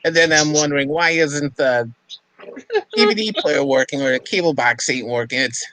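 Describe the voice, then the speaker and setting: A man in a casual live chat, telling relaxed stories. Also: on the high side, normal speed, no echo, poor audio. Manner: relaxed storytelling about his cat.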